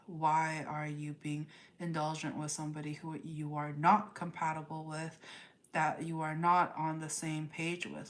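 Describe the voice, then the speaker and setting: Slow, low-voiced woman reading tarot live. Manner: addresses viewers directly, repeats phrases, ends points with "okay?". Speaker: tarot reader.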